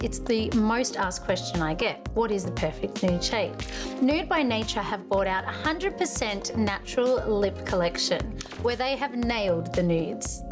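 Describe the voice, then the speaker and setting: A woman, a makeup artist, giving an upbeat product demonstration. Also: fairly high pitch. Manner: upbeat, descriptive. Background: music.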